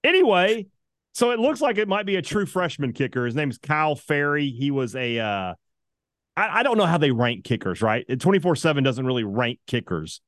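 A man's voice: on the high side, very animated, fairly quick, fairly bright tone, no room sound, clean studio sound. A man guesting on a sports podcast, telling stories in casual chat and laughing easily. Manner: chatty storyteller, laughs easily.

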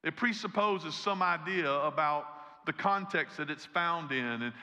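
A man preaching a sermon, reading scripture in a measured way and then building to earnest emphasis. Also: a little high, sharp tone, big-room sound. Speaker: pastor. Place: church sanctuary.

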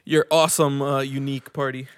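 A man's voice: medium pitch, level tone, a little fast, fairly bright tone. A man hosting a casual podcast, loose and joking, swearing freely as he chats with friends. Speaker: podcast host.

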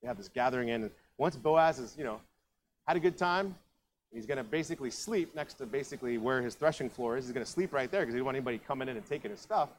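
A man's voice: medium pitch, fast talker, a little hiss or hum, poor audio. A male pastor from Ohio preaching a sermon in a conversational, storytelling way, full of asides and questions to the congregation.

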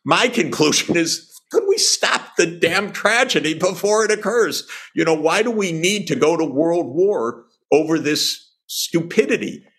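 A man's voice: fairly high pitch, expressive, measured pace, hardly any pauses, fairly bright tone. An older man speaking as an economist in a panel discussion, hesitant with many filler sounds, growing emphatic when he argues a point. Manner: grows emphatic and exasperated when arguing. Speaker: economist guest.

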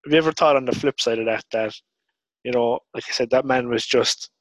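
A young man co-hosting a podcast, replying in a calm, measured, dry-humoured way. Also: medium pitch, no room sound, poor audio. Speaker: podcast co-host. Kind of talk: casual podcast chat.

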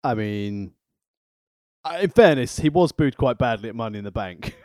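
A man's voice: medium pitch, lively intonation, moderate pace, darkish tone, dry recording, clean studio sound. A man co-hosting a casual chat, cracking jokes, giggling, and reading from prepared notes. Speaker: podcast co-host.

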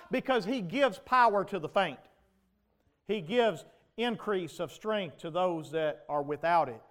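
High-voiced preacher asking the room questions. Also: male voice, lively intonation, measured pace. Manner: preaching with rhetorical questions to the congregation, rising to shouts. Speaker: pastor. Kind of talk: sermon.

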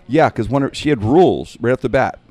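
A man's voice: medium pitch, a little fast, no echo. A man telling a funny road-trip story in casual chat, acting out the other people's voices. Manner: animated, acts out quoted voices.

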